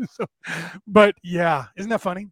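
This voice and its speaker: High-voiced man rambling through a story. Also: no echo. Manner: rambling storyteller, keeps adding "right?". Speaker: podcast host. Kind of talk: casual chat. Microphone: camera.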